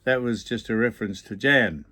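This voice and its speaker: A man's voice: on the low side, normal speed, sharp tone. An older man, hosting a casual vlog on a boat and reading out viewer comments with dry, teasing, opinionated banter. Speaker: vlog host. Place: aboard a boat.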